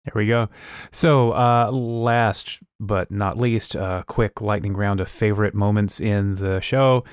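Low-voiced man hosting, wry. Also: fairly even intonation, takes it slowly, clear, resonant tone, no room sound, studio quality. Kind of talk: casual chat.

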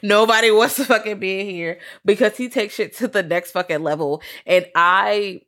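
A woman co-hosting a podcast in casual chat, animated and swearing freely, acting out quotes, with a Southern US accent. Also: medium pitch, moderate pace. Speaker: podcast co-host.

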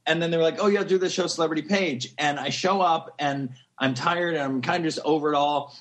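Excitable man telling a story. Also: a little high, fairly quick. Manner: excitable, laughs often, rambling asides. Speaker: podcast guest. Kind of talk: animated storytelling.

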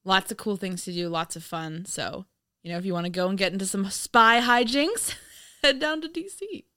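A woman from the United States co-hosting a casual movie commentary podcast, sarcastic and animated, laughing often. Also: medium pitch, moderate pace, smooth, no echo, studio quality. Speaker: podcast co-host.

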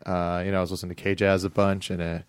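A man's voice: deep voice, little pitch movement, fast, clear, resonant tone, no echo. A man co-hosting a comedy podcast in a studio, riffing in a playful mock-serious way. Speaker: podcast co-host.

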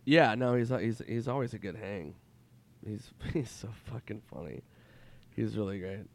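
A male comedian telling animated stories in casual chat, swearing freely. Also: on the low side, normal speed, vocal fry. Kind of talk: casual podcast storytelling.

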